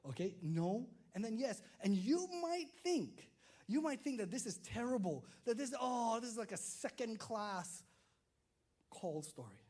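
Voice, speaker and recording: Male preacher, unhurried delivery, lively storyteller acting out his characters. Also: sits high. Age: adult father. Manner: animated storytelling, acts out quotes, frequent "right?" to listeners. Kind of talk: sermon.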